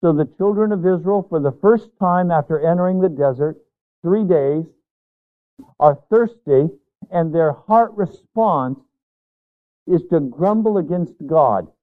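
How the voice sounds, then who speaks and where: A pastor delivers an earnest Bible sermon in a slightly high voice, leaning on his words and drawing them out for emphasis. The sound is thin and tinny, like it comes over a phone line. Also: unhurried.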